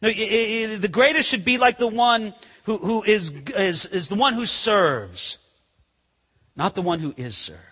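A man's voice: high voice, expressive, a little slow, pushed and bright, husky, big-room sound, full character voice. A man voicing an imagined adult Jesus who talks to his followers in casual modern slang. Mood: gentle.

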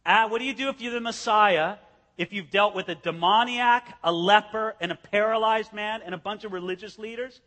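Bright-voiced preacher in a reverberant hall. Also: male voice, high voice, normal speed. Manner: animated storytelling, acting out scenes. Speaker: pastor. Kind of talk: expository sermon.

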